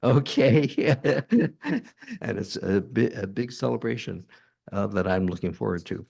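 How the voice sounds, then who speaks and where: A man hosting a church forum, introducing the guest speaker to the audience in a halting, light-hearted way. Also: lowish voice, gravelly, dark tone, slightly rough. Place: church meeting room.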